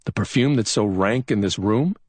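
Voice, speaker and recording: A man's voice: fairly low pitch, moderate pace, no echo, clean studio sound, voice pushed up, close to an everyday voice. A man doing a probing, insistent investigator. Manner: probing, gently insistent questions. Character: male investigator, patient then stern. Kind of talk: audiobook character voice.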